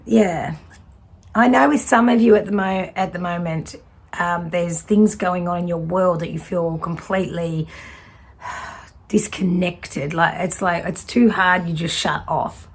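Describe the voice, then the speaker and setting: Woman, 30s, tarot reader, fiery, direct, breathy. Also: on the low side, steady tone, unhurried. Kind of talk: casual spiritual tarot reading.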